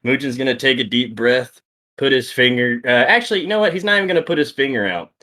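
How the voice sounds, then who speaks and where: A man playing a tabletop role-playing game, casual and playful, dropping low for his character. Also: fast talker, pushed and bright. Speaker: player. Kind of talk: tabletop role-play chat.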